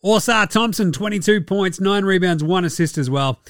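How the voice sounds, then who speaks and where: A man with an Australian accent hosting a sports podcast, ranting casually with animated, mocking and sweary banter. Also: high voice, moderate pace, no room sound, clean studio sound.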